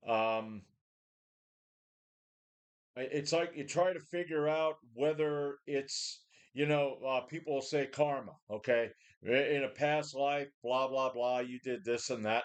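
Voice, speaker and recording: A man's voice: medium pitch, measured pace. Blunt, weary man in his forties. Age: 40s. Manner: blunt, profane, weary, full of sighs and restarts. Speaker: vlogger. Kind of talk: casual rambling talk to a webcam. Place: home gym. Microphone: webcam.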